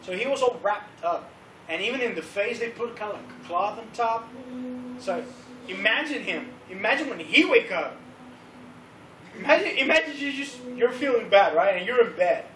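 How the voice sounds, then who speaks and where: A man giving a casual, animated teaching at a church youth service, acting out the voices of the crowd as he tells the story. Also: sits high, moderate pace. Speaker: youth leader. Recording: roomy, distant recording with faint background noise.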